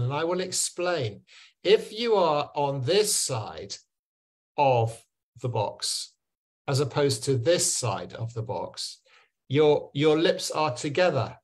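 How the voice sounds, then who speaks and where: English man teaching pronunciation online. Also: a little high. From England. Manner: patient, explanatory, repeats key words. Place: video call.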